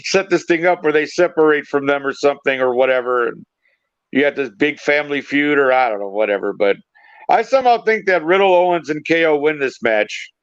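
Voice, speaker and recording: A man co-hosting a loose chat, his voice a touch high and his manner confident as he sets the record straight. The recording is dull and lo-fi, in a dry room with no echo. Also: clear, resonant tone. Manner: confident, quick to correct and explain. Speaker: podcast co-host. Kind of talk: casual wrestling chat.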